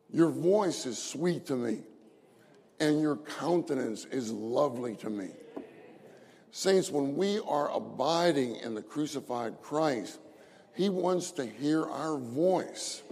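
A man's voice: fairly high pitch, vocal fry, darkish tone. A man preaching a sermon, repeating key phrases for emphasis and reading scripture aloud. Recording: long hall reverb.

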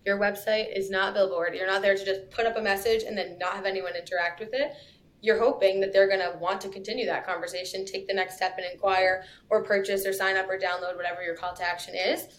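A young adult woman in a casual podcast interview, chatty and quick, full of asides. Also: mid-range voice, fairly even intonation. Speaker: guest copywriter.

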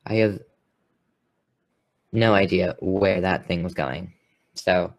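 A man's voice: deep voice, takes it slowly, gravelly. Rambling male podcast co-host. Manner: rambling, many fillers. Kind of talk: casual chat.

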